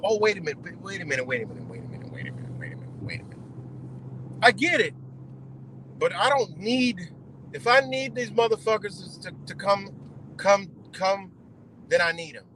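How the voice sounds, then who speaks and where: A man's voice: high voice, fairly bright tone, a little hiss or hum, poor audio. A man hosting a livestream, ranting casually in a rambling, profane, emphatic way. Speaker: livestream host.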